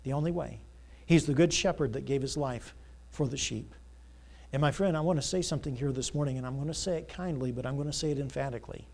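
A male pastor preaching a Sunday sermon, asking the congregation to fill in words and building to loud, emphatic passages. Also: medium pitch, fast, vocal fry. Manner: call-and-response questions, rising to loud emphatic preaching. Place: church sanctuary. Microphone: church sound system mic.

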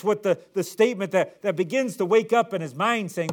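A man's voice: high voice, normal speed, hardly any pauses. A man preaching a sermon, reading King James scripture and repeating words as he builds each point. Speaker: pastor.

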